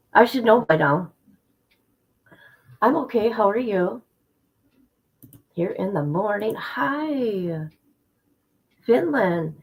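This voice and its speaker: A woman's voice: mid-range voice, a little mellow, rough recording. Chatty woman hosting a livestream. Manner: chatty, reads legal text aloud with asides. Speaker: livestream host. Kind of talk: casual livestream chat and document reading.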